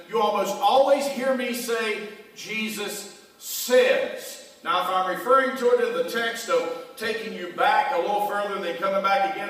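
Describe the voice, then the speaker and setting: A man's voice: sits high, a bit bright. Man preaching in a ringing church hall. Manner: conversational, calls out to the congregation. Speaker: pastor. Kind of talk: sermon. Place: church sanctuary. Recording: echoey church hall from far off.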